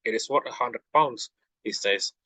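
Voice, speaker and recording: A man's voice: mid-range voice, normal speed, bright, forceful tone, breathy edge, no echo, rough recording. A young man voicing Alice, a polite, chatty little girl, in a storybook reading, stumbling over words.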